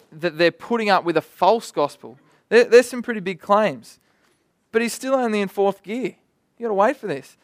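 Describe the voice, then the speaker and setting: Delivering a sermon, this young preacher sounds animated and conversational, sprinkling in vivid asides. His pitch runs slightly high for a man, recorded close and dry with almost no room sound and no echo.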